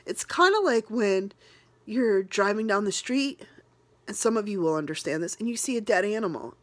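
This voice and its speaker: A woman's voice: mid-range voice, lively intonation, normal speed, a bit bright, no room sound. A woman vlogger from New England speaks straight to her viewers, close to tears. Her talk is earnest and rambling, full of restarts and heartfelt asides. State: emotional, near tears. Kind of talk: emotional personal vlog.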